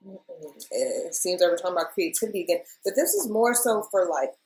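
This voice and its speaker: A woman in her thirties talks through a tarot reading in a loose, chatty way. She gets openly emotional and keeps calling to her viewers as "y'all." Her voice sits a little low. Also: lively intonation, a little fast, a little mellow, low-quality recording. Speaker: tarot reader. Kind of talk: casual weekly tarot reading.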